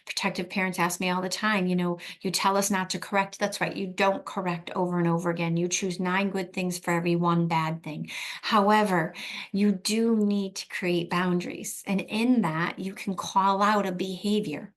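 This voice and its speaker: Middle-aged woman, lower register, earnest and emphatic advice-giver who slows down for stress. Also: fairly even intonation. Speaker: therapist. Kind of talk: direct-to-camera advice talk.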